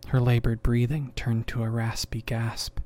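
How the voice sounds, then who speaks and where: Slow, measured male horror narrator. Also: mid-range voice, flat delivery, a little mellow. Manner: slow, measured, dropping to whispers.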